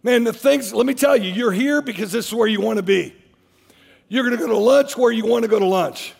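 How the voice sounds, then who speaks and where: High-voiced gravelly preaching pastor. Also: male voice, fairly quick, darkish tone, big-room sound. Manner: emphatic preaching with repeated phrases. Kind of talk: sermon.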